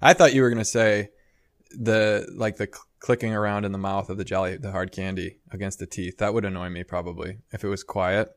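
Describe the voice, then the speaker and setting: A man's voice: fairly low pitch, steady tone, fairly quick, no room sound, studio quality. A man in casual chat, telling a rambling story full of "you know" and "like".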